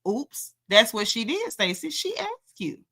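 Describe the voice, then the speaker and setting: A woman's voice: fairly high pitch, sing-song, a little slow, pushed and bright. A woman giving a sassy, slangy recap of a reality show episode, gossiping and calling out the cast.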